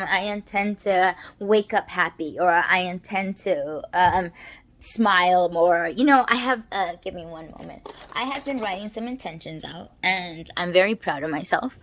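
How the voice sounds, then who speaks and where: A fairly low, slightly bright female voice at normal speed belongs to a married adult vlogger talking to her camera. Her confessional monologue wanders, stops and restarts, is packed with "like" and other fillers, and keeps breaking into tearful laughs as she nears tears.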